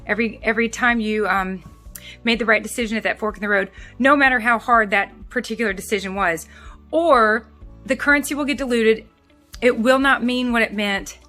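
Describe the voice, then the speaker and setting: Bright, chatty woman vlogger. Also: fairly high pitch. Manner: chatty, rambling, with frequent restarts and fillers. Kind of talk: casual talking-head vlog.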